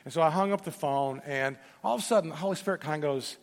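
A middle-aged man preaches in a large church sanctuary, his fairly high voice carrying a long reverb through the room. He tells folksy stories with joking asides and often restarts or repeats words as he builds toward a point. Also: quick pace, few pauses. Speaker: pastor. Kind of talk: sermon.

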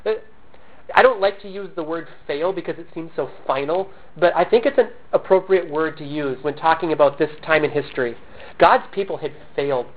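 A man's voice: on the high side, fairly quick. A man preaching a sermon, earnest and emphatic, with self-deprecating humorous asides, still recovering from a cough. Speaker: pastor. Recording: tinny phone-like sound.

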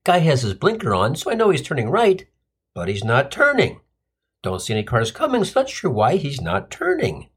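Male comic host, sardonic storyteller, husky tone with a lively swinging pitch. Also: normal speed. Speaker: comedy podcast host.

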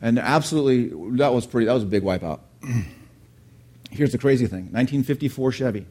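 A middle-aged man preaching a sermon, telling a lively childhood story and asking the congregation questions along the way. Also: mid-range voice, a little fast. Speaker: pastor.

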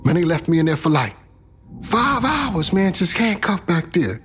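A man's voice: sits high, big pitch swings, moderate pace, fairly bright tone, a little hiss or hum. A middle-aged man from South Los Angeles telling his own life story in a blunt, profane, casual way.

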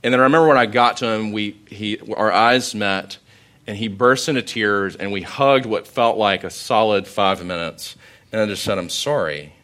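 A young adult man preaching a sermon to a congregation in a conversational, storytelling way with animated emphasis. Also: lowish voice, normal speed. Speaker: pastor.

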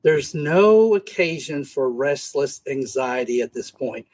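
A man teaching a casual Bible study discussion, animated and acting out scenes from the text. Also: mid-range voice, slow pace. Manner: animated, acts out scripture scenes in voices. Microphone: camera mic.

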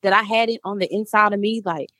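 A woman's voice: medium pitch, fairly even intonation, quick pace, bright, forceful tone, no room sound, clean studio sound. A woman in her thirties, a life coach guest, speaking earnestly in a preacherly way and repeating phrases for emphasis. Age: 30s. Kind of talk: casual interview talk.

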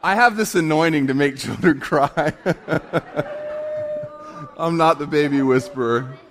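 A man preaching a sermon to his congregation, telling a funny story with humor and swinging between loud and hushed delivery. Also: a little high, slow, slight background noise. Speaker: pastor.

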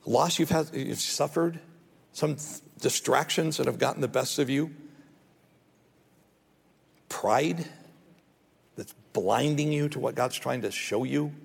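Male pastor, earnest sermon, husky voice, long hall reverb. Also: medium pitch. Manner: earnest, rises to pleading when voicing prayers.

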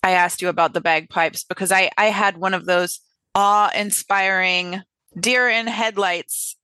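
A woman's voice: mid-range voice, fairly even intonation, measured pace, sharp tone, dry recording. A woman from North America hosting an interview, chatty and enthusiastic, repeating herself as she talks. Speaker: podcast host, interviewer. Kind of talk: casual interview chat.

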